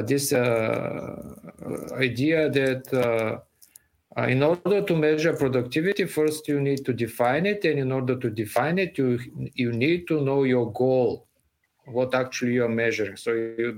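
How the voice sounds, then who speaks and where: A man answering interview questions in a conversational way, pausing often with fillers and restarts. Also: mid-range voice, gravelly. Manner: hesitant, many fillers and restarts. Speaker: interview guest, startup founder.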